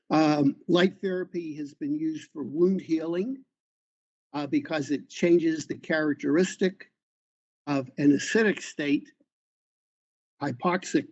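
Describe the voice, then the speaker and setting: Gravelly-voiced man giving a slide talk. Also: on the high side, a little mellow, muffled recording. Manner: informal, with fillers and side remarks. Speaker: eye doctor leading a patient meeting. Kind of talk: slide presentation over a call.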